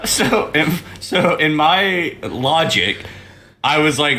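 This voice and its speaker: A man's voice: fairly high pitch, lively intonation, extremely slow, noisy background. A young man co-hosting a casual podcast, joking and laughing through his lines. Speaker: podcast co-host. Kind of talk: casual chat.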